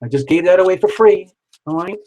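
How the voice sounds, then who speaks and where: A man's voice: high voice, a little fast, darkish tone, poor audio. A man hosting a live tarot reading stream, chatting casually and reassuringly with viewers.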